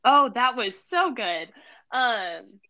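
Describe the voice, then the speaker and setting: Young woman hosting a faith chat, bright forceful voice, laughs a lot, kinda dull lo-fi sound. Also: fairly high pitch, sing-song, slow. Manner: enthusiastic, laughs often, many fillers. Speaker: host. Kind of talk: casual faith discussion.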